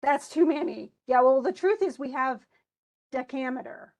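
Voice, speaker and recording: A woman with a fairly high voice lectures a class on poetic meter. She reads lines of verse aloud with heavy stresses and taps out the rhythm in syllables. She thinks aloud with restarts and turns to students with questions. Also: expressive, normal speed, darkish tone. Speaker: English instructor.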